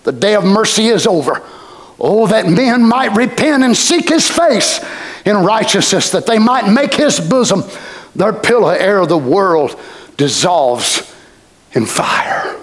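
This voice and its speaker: Male preacher, slow and lively, impassioned sermon delivery. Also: sits high. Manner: impassioned, swinging from shouts to whispers.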